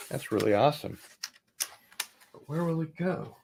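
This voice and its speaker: A man chatting casually as he unboxes packages on his channel, relaxed and rambling, with offhand asides. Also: on the high side, moderate pace, creaky, long pauses, slight background noise. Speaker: vlogger doing unboxings.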